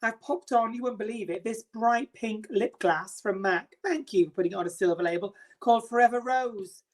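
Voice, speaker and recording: Middle-aged lady doing a makeup livestream, camp and chatty, jokes about herself, shouts out viewers. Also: mid-range voice, fairly quick. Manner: camp, theatrical and self-mocking, greeting viewers by name. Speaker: makeup artist hosting a live stream. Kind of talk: chatty live-stream makeup talk.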